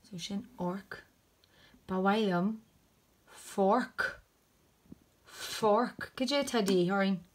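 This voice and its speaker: A woman's voice: medium pitch, measured pace. A woman teacher, sounding out letters one by one in a phonics lesson for children.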